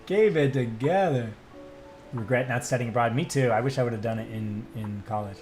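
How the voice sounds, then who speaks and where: A young man, a streamer and voice actor, chatting casually with his live chat, excitable and swearing freely as he drifts into tangents. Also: mid-range voice, fast, soft background music.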